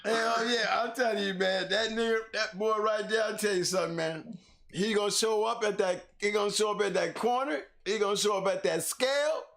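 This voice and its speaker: A man's voice: high voice, brisk, vocal fry, fairly bright tone. A man co-hosting a casual dog-show talk, laughing hard and cursing freely. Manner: laughing, teary-eyed, profane. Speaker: podcast co-host. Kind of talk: casual chat. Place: on camera under a bright light.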